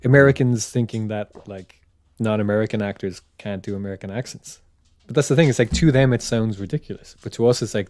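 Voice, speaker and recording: Dry-witted Irish man, low voice. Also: brisk, darkish tone, no room sound. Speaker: podcast co-host. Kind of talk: casual chat.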